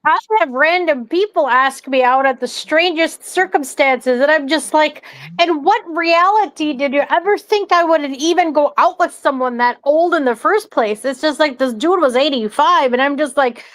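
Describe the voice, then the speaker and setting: A woman in casual chat, animated and incredulous, speaking in quick asides. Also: sits high, dry recording, rough recording.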